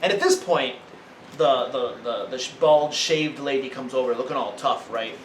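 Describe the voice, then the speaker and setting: A man narrating as game master in a casual, halting way. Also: medium pitch, a little hiss or hum. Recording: echoey room, mic at a distance.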